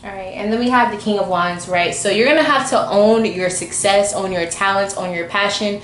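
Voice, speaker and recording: A woman gives a casual tarot reading, chatty and informal as she talks straight to her viewers. Her voice sits at a middle pitch. The room around her is echoey, with a faint hum of background noise. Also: moderate pace, a bit bright. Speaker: tarot reader.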